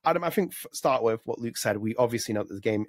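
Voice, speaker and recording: Fast-talking man. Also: medium pitch, expressive, no room sound, studio quality. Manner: rapid, rambling with many fillers. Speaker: podcast co-host. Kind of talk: casual chat.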